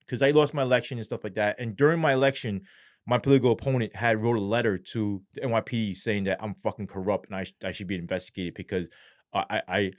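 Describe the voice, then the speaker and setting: A man, a former police sergeant, telling his story as an interview guest in a blunt, slangy way, heavy on profanity, his voice going low and halting when he speaks of despair. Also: dry recording, studio quality.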